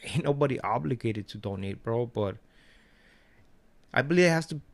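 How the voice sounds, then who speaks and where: Gravelly-voiced man ranting casually. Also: mid-range voice, animated, moderate pace. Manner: profane, slangy storytelling with frequent laughs. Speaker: vlogger. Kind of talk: casual rant to camera.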